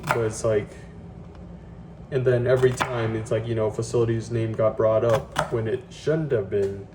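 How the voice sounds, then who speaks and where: A man's voice: on the low side, steady tone, normal speed. A man venting in a casual vlog while cooking in his kitchen, rambling with lots of fillers, restarts and swearing. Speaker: vlogger. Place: home kitchen, cooking at the stove. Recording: distant phone mic with clear tap-water noise.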